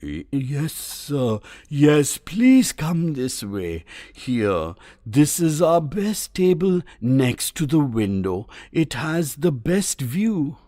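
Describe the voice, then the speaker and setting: A man's voice: fairly high pitch, very animated, drawn-out words, hardly any pauses, mellow, dry recording, studio quality, pitched above the performer's own voice, heavily acted. A man voicing a fawning, nervous male possum waiter in a storybook, who stammers as he hurries to please his customer. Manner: stammering, eager, bowing and scraping.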